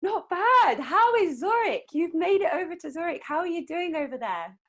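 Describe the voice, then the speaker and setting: A woman's voice: very high-pitched, very animated. A woman hosting an interview podcast, introducing her guest and asking questions with enthusiasm over a video call. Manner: warm, enthusiastic, asks questions in quick strings.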